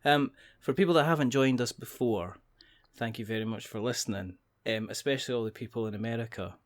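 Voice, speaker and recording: A man's voice: mid-range voice, a little fast. A man hosting a casual podcast chat, joking, rambling and laughing often. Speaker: podcast host.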